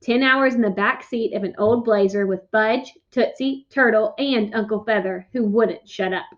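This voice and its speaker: A woman reading a children's chapter book aloud to her class, clear and expressive. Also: fairly high pitch, moderate pace, lo-fi sound. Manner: clear, expressive, with raised voices for characters' quotes. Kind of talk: read-aloud storytelling for children.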